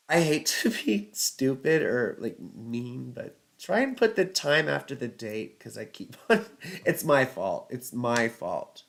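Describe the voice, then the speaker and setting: A man's voice: mid-range voice, creaky, fairly bright tone, slight background noise. A man hosting a casual live-stream of astrology chart readings, chatty and rambling, filling his talk with "you know" and "right". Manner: reads viewer comments aloud and laughs at own slips. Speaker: astrologer host.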